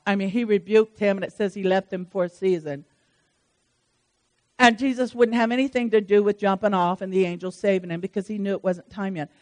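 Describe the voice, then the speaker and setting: Speaking in a mid-range voice, a female preacher addresses a congregation, keeping her sermon lively and conversational with repetition and touches of humor.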